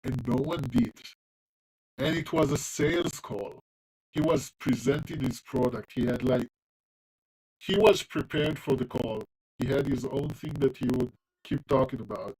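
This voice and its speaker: In an unhurried, slightly mellow, medium-pitched voice, a man with a non-native accent leaning toward American English chats with viewers during a coding livestream. He talks loosely, with plenty of ums and restarts, and the recording is low quality.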